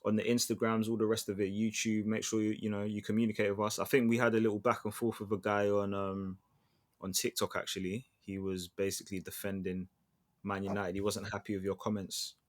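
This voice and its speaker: A man's voice: fairly low pitch, flat delivery, a little fast. A man co-hosting a football podcast, telling stories in a loose, slangy, chatty way. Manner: chatty storyteller, slangy, restarts often. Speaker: podcast co-host. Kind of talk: casual football chat.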